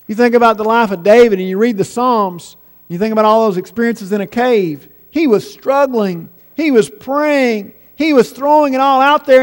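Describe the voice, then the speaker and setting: A man preaching a sermon, swinging between hushed, drawn-out phrases and raised, pleading passages. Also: extremely high pitch. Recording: long hall reverb.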